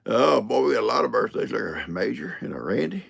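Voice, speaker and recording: Older guy on his livestream, super gravelly husky voice, goes up and down a lot telling his folksy stories. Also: medium pitch, big pitch swings, brisk. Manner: folksy storyteller, laughs often, acts out quotes. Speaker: livestream host. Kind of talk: casual livestream chat.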